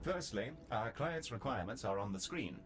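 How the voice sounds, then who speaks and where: An actor playing a fussy British station assistant in a video game who sounds formal and dryly sarcastic. His pitch moves in a lively way, with faint music underneath. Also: moderate pace, close to an everyday voice.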